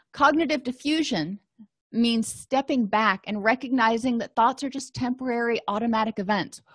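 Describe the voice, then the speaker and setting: A woman's voice: fairly high pitch, no echo. A woman counselor giving an educational lecture, explaining in a conversational way with everyday examples and quoted self-talk. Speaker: counselor and trainer.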